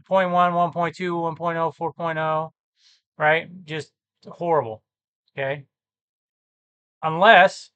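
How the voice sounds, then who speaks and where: Bright-voiced man talking through his numbers. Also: on the high side, clean tone, dry recording. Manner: thinks aloud, muttering numbers, self-correcting. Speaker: reseller vlogger. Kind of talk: casual screen-share walkthrough.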